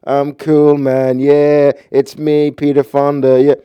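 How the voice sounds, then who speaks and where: A man's voice: a little high, monotone, slow, clear, resonant tone, no room sound, dull audio, voice pushed up. A man doing a mocking impression of a laid-back aging hippie surfer, drawling and exaggerated.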